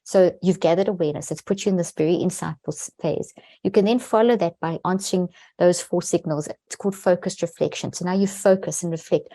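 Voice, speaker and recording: A woman with a lowish, mellow voice talks as a podcast guest. She explains things earnestly and lands hard on the words that matter. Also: a little fast, no echo. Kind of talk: explaining in an interview.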